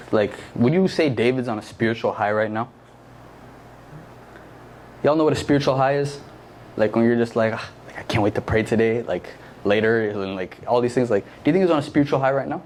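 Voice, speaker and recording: A man's voice: mid-range voice, lively intonation, moderate pace, pauses often, darkish tone, slight background noise. A young man preaching a casual sermon to a youth group, slangy and conversational, often quizzing his listeners with questions. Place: church service.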